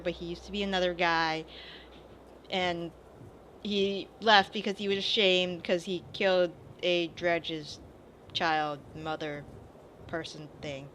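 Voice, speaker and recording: This let's play gamer has a lowish, sharp-toned voice, with slight background noise in the recording. She reads a game's dialogue in a casual way, mostly without doing voices, and drops the odd swear word while remarking on the game.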